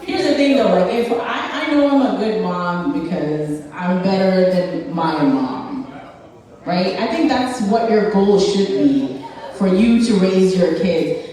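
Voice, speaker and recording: A woman in her thirties performs stand-up on stage, brash and self-mocking, landing each line slowly and deliberately. Her voice rings through a large reverberant hall and sounds set back from the mic. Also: medium pitch, animated, dark tone. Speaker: stand-up comedian. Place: comedy stage. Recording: echoey hall, voice from far off.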